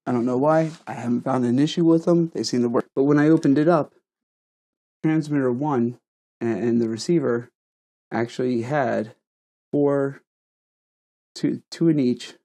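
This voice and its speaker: A man's voice: medium pitch, normal speed, long pauses, dark tone. A man reviewing gadgets in a casual vlog, rambling and stuttering, repeating words as he talks into a wireless lapel mic at home. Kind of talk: casual vlog talk to camera. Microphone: wireless lavalier mic.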